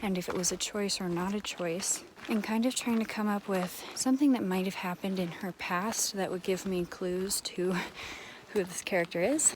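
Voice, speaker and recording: A woman vlogging about her writing, thinking out loud in a rambling, musing way with lots of fillers. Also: lowish voice, background noise. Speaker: writer and vlogger. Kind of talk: chatty writing vlog, thinking aloud.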